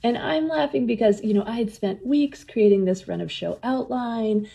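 A woman's voice: a little high, normal speed, gravelly, warm tone, breathy edge. A woman telling enthusiastic stories as an interview guest, often laughing as she talks. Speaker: museum program leader and guest. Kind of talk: conversational interview storytelling.

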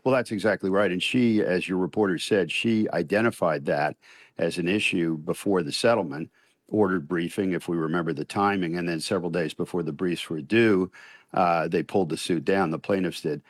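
An older man, a retired judge, answering questions in a radio news interview in a measured, deliberate way with frequent pauses. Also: low-pitched, dry recording, studio quality.

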